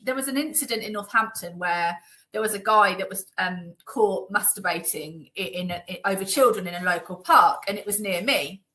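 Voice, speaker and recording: Bright-voiced indignant woman. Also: medium pitch, normal speed, low-quality recording. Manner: chatty, indignant, many fillers. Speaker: interview guest. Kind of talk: conversational interview. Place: Northamptonshire.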